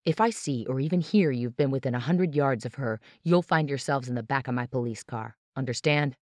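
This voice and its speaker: A reader voicing Tim, a stern police officer. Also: male voice, mid-range voice, fairly quick, a little mellow, no echo, natural voice. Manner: stern and commanding. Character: protective male police officer. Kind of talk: audiobook character voice.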